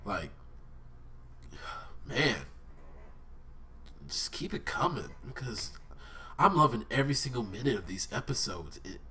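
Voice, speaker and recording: A man with a stuffy nose, giving a casual and excited spoken review as a vlogger, rambling and correcting himself as he goes. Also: on the low side, measured pace, long pauses, far from the mic. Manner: excited, rambling fan talk.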